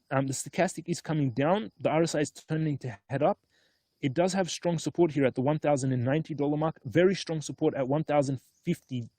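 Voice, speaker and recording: Easygoing man, mellow voice. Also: a little high, dry recording. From Australia. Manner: easygoing, rambling, often excited. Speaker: stock market vlogger. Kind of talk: casual live-stream chat. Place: outdoors on a hilltop at home.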